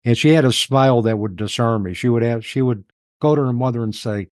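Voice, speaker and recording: A middle-aged man telling personal stories as an interview guest, reflective and halting, emotional at times. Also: mid-range voice, dry recording.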